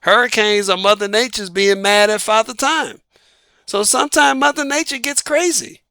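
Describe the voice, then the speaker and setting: A man's voice: normal speed, pushed and bright, clear, resonant tone, no echo. A man with a Southern US accent hosting a dating advice channel, giving an opinionated monologue full of rhetorical questions that he answers himself. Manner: emphatic, asks rhetorical questions and answers them, punctuates points with "boom".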